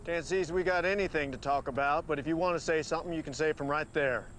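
An actor playing a calm U.S. marshal who talks in quiet, clipped threats, recorded outdoors in a TV drama. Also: male voice, fairly high pitch, quick pace, a little hiss or hum, lightly acted. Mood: cold, steady. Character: calm, steely male U.S. marshal. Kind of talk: TV drama acting. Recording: outdoor ambience behind voice.

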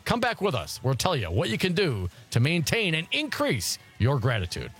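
A man's voice: on the high side, huge pitch swings, moderate pace, over loud music. A man hosting a talk radio show, reading news articles aloud and riffing on them casually.

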